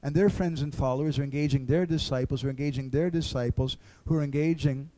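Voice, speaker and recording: Man, devotional lecture, mellow tone, earnest. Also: mid-range voice, fast. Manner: earnest, acts out little dialogues.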